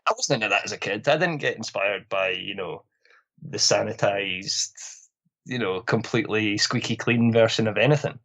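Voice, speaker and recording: A man's voice: on the low side, moderate pace, creaky, a bit bright. A Scottish man, a podcast guest, chatting casually and filling his speech with "like" and "you know".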